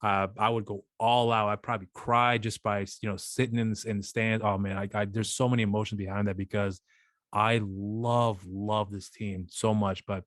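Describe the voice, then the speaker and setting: A man's voice: on the low side, flat delivery, normal speed, fairly bright tone, dry recording, clean studio sound. A man co-hosting a podcast, chatting casually and telling a long rambling story with acted-out voices. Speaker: podcast co-host. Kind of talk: casual chat.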